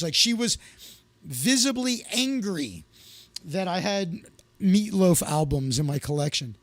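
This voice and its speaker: A man's voice: high voice, animated, measured pace, dry recording. A man hosting a comedy live stream, telling rambling stories to his viewers in a casual way, with lots of fillers and restarts. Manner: loose, anecdotal, with many fillers and restarts.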